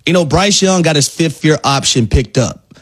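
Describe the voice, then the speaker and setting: A man's voice: a little high, moderate pace, husky. A man co-hosting a sports talk radio show, analyzing emphatically and repeating words for stress. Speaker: radio co-host. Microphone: studio mic.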